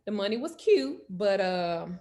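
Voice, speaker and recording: A woman telling a comedic story in animated, loud, profane style. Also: mid-range voice, measured pace. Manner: animated, loud, cursing freely. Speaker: host.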